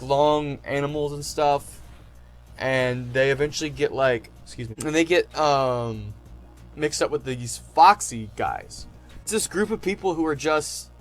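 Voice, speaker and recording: A man casually recapping an anime arc as a reviewer, rambling with lots of "like" and "um" and gushing with fan excitement. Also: fairly high pitch. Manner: rambling, heavy on fillers and "like". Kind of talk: casual retrospective chat.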